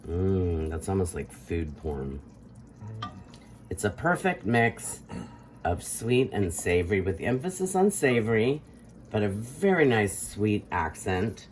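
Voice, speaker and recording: A woman's voice: extremely low pitch, lively intonation, slow pace, darkish tone, a little hiss or hum. An older woman hosting a casual home cooking demonstration, playful and theatrical, joking about her own skills. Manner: playful, theatrical, self-mocking boasts. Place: home kitchen.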